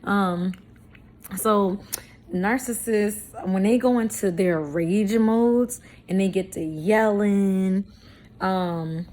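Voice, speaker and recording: A woman's voice: mid-range voice, very slow. Blunt, foul-mouthed woman vlogger. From St. Louis, Missouri, USA. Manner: blunt, heavy swearing, slangy; animated, laughs between points. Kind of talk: casual storytime monologue.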